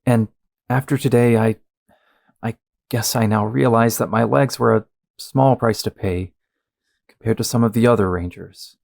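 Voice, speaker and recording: A young man voicing a remorseful young hero in an audio drama, halting and apologetic. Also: mid-range voice, steady tone, creaky, darkish tone, no room sound, clean studio sound, lightly acted. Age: young adult.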